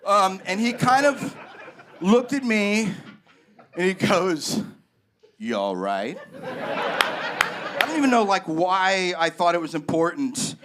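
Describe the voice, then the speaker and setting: A man telling a comic personal story on a live comedy stage, animated and rambling, with lots of fillers. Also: sits high, a little slow, some chatter behind. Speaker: guest storyteller.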